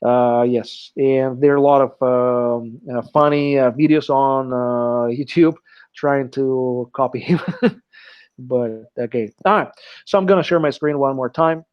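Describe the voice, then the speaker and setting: A man's voice: medium pitch, a little slow, clean tone. A man teaching an English class live online, explaining step by step and checking in often with "okay", heard through a computer mic on a video call. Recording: dull lo-fi online call audio.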